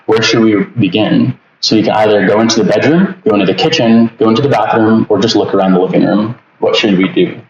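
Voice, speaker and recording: A man's voice: on the low side, fairly quick, few pauses. A man leading an online workshop as instructor, talking through a walkthrough with lots of fillers and restarts. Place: home setup on a video call. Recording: distant echoey lo-fi recording with noise.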